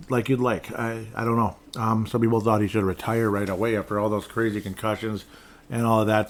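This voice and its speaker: A man with a fairly low voice hosts a solo podcast from his desk. He rambles through scores as he reads them aloud and drops dry, sarcastic remarks along the way. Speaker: podcast host. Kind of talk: casual solo sports talk. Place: indoors at a desk in front of a screen.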